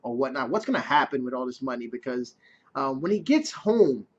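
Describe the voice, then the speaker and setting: A man's voice: medium pitch, expressive, a little fast. A man casually reviewing a TV episode in a chatty way, swearing freely. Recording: dull lo-fi recording.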